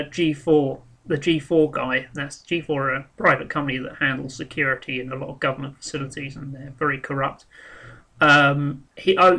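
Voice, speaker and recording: Male vlogger, forceful and bright in tone, candid, meandering, full of restarts. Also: fairly high pitch. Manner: rambling and frank, with many ums, restarts and swearing. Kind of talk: casual spoken monologue.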